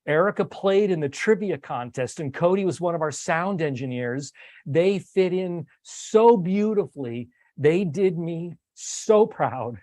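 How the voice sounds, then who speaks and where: An older man hosting a casual talk, rambling warmly with many fillers and restarts as he looks back on his event. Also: fairly high pitch, expressive, a little slow, no echo. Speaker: host. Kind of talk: casual recap talk on a video stream.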